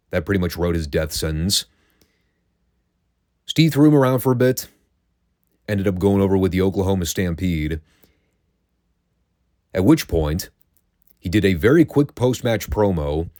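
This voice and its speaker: Wry low-voiced man recapping wrestling. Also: lively intonation, normal speed, pauses often, mellow, dry recording, clean studio sound. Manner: wry, sarcastic, swears casually. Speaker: podcast host reviewing classic wrestling. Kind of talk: casual recap commentary.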